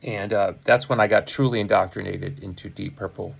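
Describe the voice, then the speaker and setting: Brisk and creaky, with a fairly low pitch and steady tone, a man in his fifties—a rock musician from the Chicago area, USA—recounts a casual anecdote to camera. He chuckles, rambles, and corrects himself, all on poor audio.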